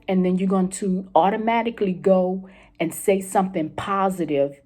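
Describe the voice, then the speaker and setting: A mental health coach with a warm, mid-range voice guides listeners through a self-help lesson. She's encouraging and repetitive, going over key points again and often checking in with "okay?"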